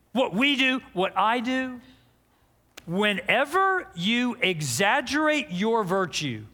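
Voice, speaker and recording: A male pastor preaches in a sermon, his high voice swinging widely in pitch as he tells the story and acts out voices. Words tumble out with quick restarts. A long reverb trails after him, as in a church sanctuary. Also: pushed and bright. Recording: long reverb of a large hall.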